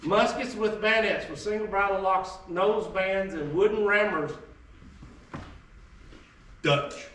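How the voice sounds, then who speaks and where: A reenactor talks history to a group in an informal, folksy, emphatic way, with drawling asides. His high voice is a bit bright, slow and full of pauses, recorded from afar in an echoey room with some hiss or hum.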